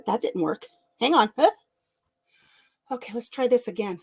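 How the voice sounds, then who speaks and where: A woman's voice: a little high, lively intonation, moderate pace, darkish tone, breathy edge, soft background music, low-quality recording. A woman vlogger chatting casually to her live viewers while she tidies a craft room. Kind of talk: casual live-stream chat.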